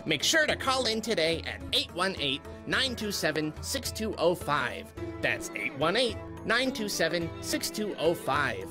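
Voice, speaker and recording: A mischievous crazy puppet guy, as a man puts him on for a comedy radio promo, full of cheeky patter. His pitch bounces all over and clear music plays behind him. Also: sing-song, measured pace.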